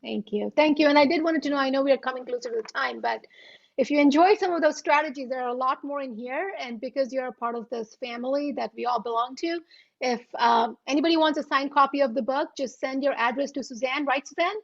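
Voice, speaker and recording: A high-voiced woman in her thirties tells a self-deprecating story with lively energy. She speaks over a video call, and the audio comes through muffled and lo-fi. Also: fast, gravelly. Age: 30s. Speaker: guest author. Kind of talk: anecdotal storytelling.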